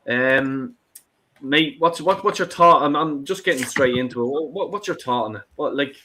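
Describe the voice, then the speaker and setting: A man's voice: medium pitch, moderate pace, sharp tone, a little hiss or hum. A man hosting a football call-in stream, ranting heatedly and swearing heavily, often repeating himself. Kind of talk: heated fan rant.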